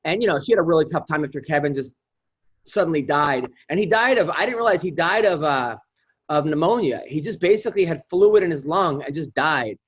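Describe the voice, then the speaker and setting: Man, high voice, profane animated storyteller, dull lo-fi sound. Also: brisk, breathy edge. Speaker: podcast guest comedian. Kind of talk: casual storytelling chat. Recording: dull lo-fi audio.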